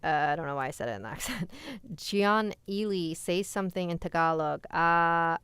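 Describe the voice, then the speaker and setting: Indoors on a live stream, a young woman reads scary stories aloud before turning to relaxed, chatty replies to her viewers, amused and quick to laugh. She speaks at a normal speed with a fairly low pitch and a fairly bright, clear, resonant tone. The recording is dry.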